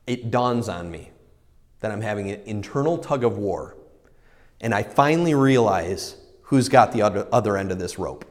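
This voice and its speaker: A man's voice: lowish voice, moderate pace, big-room sound. A man preaching a sermon as a pastor, telling stories with energy and acting out the voices in his own head. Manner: animated storytelling, acts out his own inner voices.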